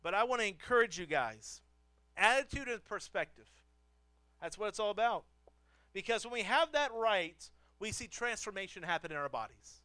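A man's voice: high-pitched, expressive, moderate pace, sharp tone, smooth, no echo. A man preaching a sermon as the pastor, telling a family story with self-deprecating humor and repeating phrases for emphasis. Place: church pulpit.

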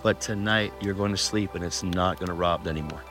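A man evangelizing outdoors, talking with people and praying over them in quick, commanding bursts. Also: low voice. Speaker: street evangelist. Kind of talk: street prayer and conversation. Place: outdoors on dirt ground. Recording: clip with music underneath.

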